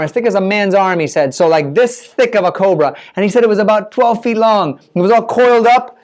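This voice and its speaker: A man telling a children's mission story, animated and playful, with spoken sound effects. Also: high-pitched.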